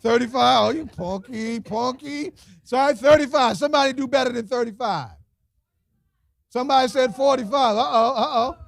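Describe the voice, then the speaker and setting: High-voiced joking auctioneer man. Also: normal speed, vocal fry, no room sound. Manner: playful, teasing, street slang, laughs often. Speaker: auctioneer at a fundraiser. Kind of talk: lively joking fundraiser auction. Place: event hall with audience.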